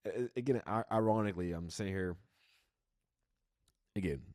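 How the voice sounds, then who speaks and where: A man co-hosts a podcast, chatting casually and reflectively and often repeating his points. His voice is on the low side with a darkish tone, at normal speed, captured in clean studio sound with no echo.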